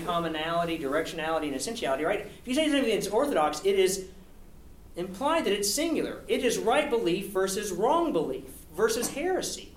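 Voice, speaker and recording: A university lecturer giving an academic talk with slides, posing rhetorical questions and often tagging on "right?". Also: mid-range voice. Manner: poses rhetorical questions, frequent "right?" tag. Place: lecture hall at a podium. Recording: echoey hall, distant mic, faint hiss.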